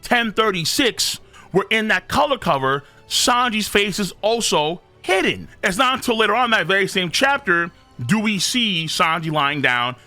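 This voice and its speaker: A fairly high-pitched man with a bright, forceful voice talks through a new comic chapter in relaxed, animated commentary. He drops into quick character voices now and then, and faint music sits under him. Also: no echo. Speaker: host reviewing manga chapters. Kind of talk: casual commentary.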